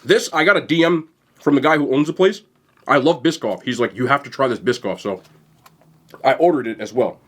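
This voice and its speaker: A young man hosts a casual food vlog, talking fast and excitedly to the camera between bites. His voice is a little husky, pitched in the middle range. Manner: fast, excited talk to camera while eating. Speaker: food vlogger.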